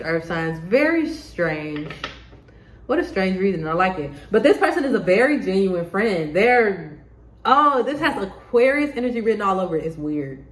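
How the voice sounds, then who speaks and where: A woman giving a casual tarot reading to the camera, excitable, laughing often and swearing freely. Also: medium pitch, normal speed, a little hiss or hum. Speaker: tarot reader. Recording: roomy echo.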